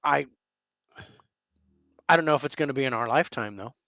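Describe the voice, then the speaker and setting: A man's voice: medium pitch, brisk, vocal fry, bright, forceful tone, no room sound. A middle-aged man co-hosting a casual chat over drinks, joking and teasing. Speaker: podcast co-host.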